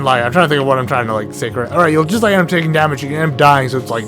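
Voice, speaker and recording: A man with a middling pitch talks through a video game in loose, rambling commentary, correcting himself mid-sentence and tossing in jokey asides. His voice is wearing out and turning hoarse, cracking now and then. Game music plays clearly behind him. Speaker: let's play host. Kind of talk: casual gameplay commentary. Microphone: desk mic with a cable that gets knocked.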